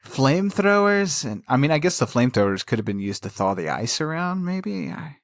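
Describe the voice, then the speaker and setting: A man's voice: a little high, very animated, a little fast, no room sound, studio quality. A man co-hosting a casual podcast, chatting about a film, laughing often and rambling through trivia. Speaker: podcast co-host. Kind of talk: casual film discussion chat.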